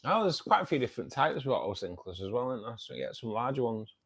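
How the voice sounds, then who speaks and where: Fast and sing-song, a man's medium-pitched voice carries a bit of brightness and a breathy edge. He's an aquarium channel host chatting with livestream viewers in a friendly, hesitant manner, with plenty of ums and restarts, calling them mate and buddy.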